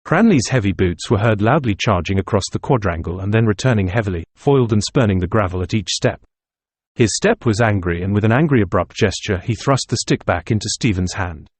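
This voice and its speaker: A man narrating a novel as an audiobook, reading at a steady, measured pace. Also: fairly low pitch, no echo.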